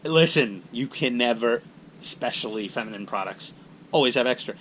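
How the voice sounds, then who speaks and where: A man's voice: mid-range voice, animated, moderate pace, fairly bright tone, a little hiss or hum. A middle-aged man, hosting a hobby channel in casual, rambling, self-mocking talk. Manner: chatty, self-mocking, acts out voices in anecdotes.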